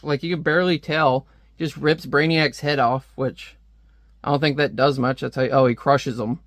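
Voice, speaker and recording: A man's voice: fairly high pitch, moderate pace, a bit bright, no room sound. A man casually reviewing a comic book, rambling and sarcastic as he reads panels aloud.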